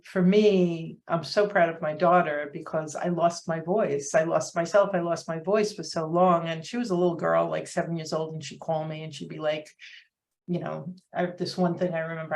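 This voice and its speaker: A woman's voice: sits low, fairly even intonation, normal speed, vocal fry, darkish tone. A woman in her fifties, a coach, telling her story as an interview guest in an earnest, reflective way, with many fillers.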